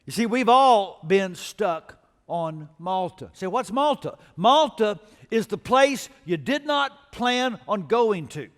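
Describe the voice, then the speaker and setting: A male pastor with a high-pitched voice, preaching a sermon that moves from quiet storytelling to emphatic exhortation. His words ring out with the long reverb of a large church auditorium. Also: lively intonation, takes it slowly.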